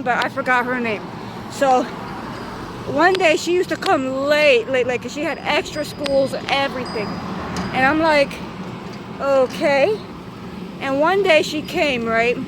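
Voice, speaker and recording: A woman telling a personal story in casual storytime style, animated and swearing freely as she acts out what everyone said. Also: high voice, noisy background.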